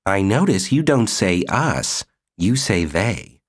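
A man's voice: lowish voice, very animated, takes it slowly, husky, exaggerated voice. A man doing a tough, firm-spoken workman. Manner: level but firm. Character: grimy, tough male workman, level and firm.

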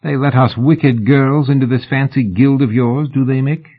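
A man voicing a sharp-tongued young Victorian woman in a raised, pert voice. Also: mid-range voice, steady tone, normal speed, pitched above the performer's own voice, close to an everyday voice. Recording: phone-like narrow band.

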